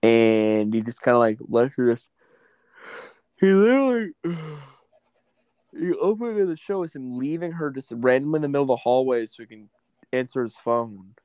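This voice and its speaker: A man's voice: medium pitch, lively intonation, normal speed, pauses often, darkish tone, clear, resonant tone, no echo. Dry, blunt-talking man. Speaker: stage actor and podcast guest. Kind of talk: casual chat.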